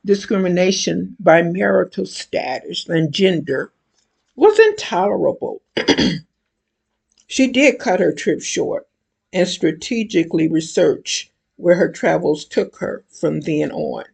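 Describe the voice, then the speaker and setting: An older woman reads from her own book in a slow, deliberate manner. Her voice is gravelly and husky, and each phrase is measured out carefully. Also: mid-range voice, a little mellow. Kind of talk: reading a book excerpt aloud.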